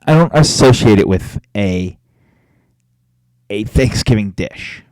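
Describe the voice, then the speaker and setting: A young man in casual podcast chat, animated and opinionated, swearing casually. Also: fairly low pitch, slow, no echo, clean studio sound. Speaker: podcast co-host.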